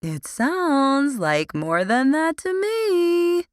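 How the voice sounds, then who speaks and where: A woman's voice: mid-range voice, sing-song, slow pace, vocal fry, dry recording, studio quality, full character voice. A woman doing a drawling teen gossip with attitude. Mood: teasing. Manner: drawling, sing-song, confident. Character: gossipy, bossy teenage girl with attitude.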